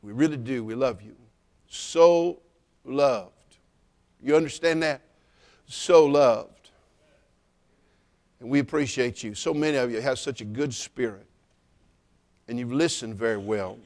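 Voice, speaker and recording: A middle-aged man preaching at a church service, teasing the congregation with jokes and rising to loud exclamations. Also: mid-range voice, a little slow, long pauses. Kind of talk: sermon with humorous asides.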